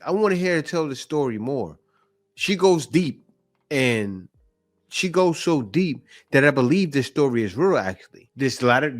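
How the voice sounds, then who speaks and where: A man hosting a reaction show, commenting on a clip in a skeptical, lecturing way. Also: mid-range voice. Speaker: host reacting to videos.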